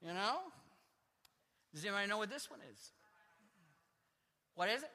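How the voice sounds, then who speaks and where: Middle-aged man, pastor, teasing and self-mocking, very bright tense voice, long church echo. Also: high voice, animated, normal speed, pauses often. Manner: playful, teasing the congregation, self-mocking asides. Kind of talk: joking conversational sermon. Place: church sanctuary.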